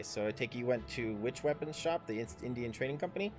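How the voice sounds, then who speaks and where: A man's voice: mid-range voice, a little fast, hardly any pauses, soft background music. A man running a tabletop game as dungeon master on a livestream, coaching his players in an instructive way.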